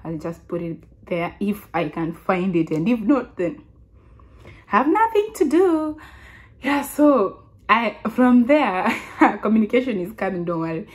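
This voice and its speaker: A Kenyan woman in her twenties telling a casual story to her vlog audience, chatty and animated, often restarting her sentences. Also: mid-range voice, a little slow. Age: 20s. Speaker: vlogger.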